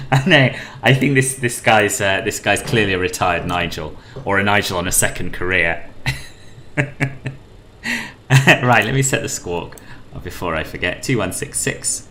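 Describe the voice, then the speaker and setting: A man's voice: low voice, expressive, a little slow, long pauses, bright, forceful tone, slight background noise. A man from the UK streaming a flight simulator, chatting playfully with viewers and reading out radio calls. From United Kingdom. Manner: chatty and playful, laughs often, calls people boss.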